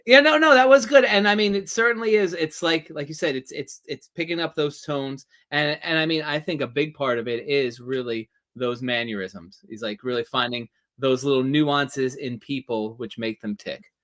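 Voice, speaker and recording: A man's voice: mid-range voice, moderate pace, few pauses, fairly bright tone. A man hosting a live-stream interview over a video call, eagerly reading out viewer questions with rambling lead-ins. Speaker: host.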